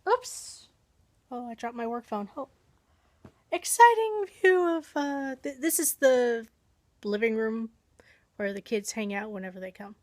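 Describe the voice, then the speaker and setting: A woman's voice: on the high side, animated, measured pace, long pauses, no room sound. A woman vlogger casually telling a long everyday story, chatty and self-deprecating, acting out her own thoughts as she goes.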